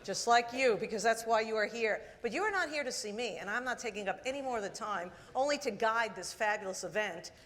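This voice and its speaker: A woman with a New York accent hosting a live Q&A on stage, energetically shouting introductions to the crowd. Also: on the high side, animated, brisk, hardly any pauses. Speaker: event host. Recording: noisy live audience hall. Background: crowd noise.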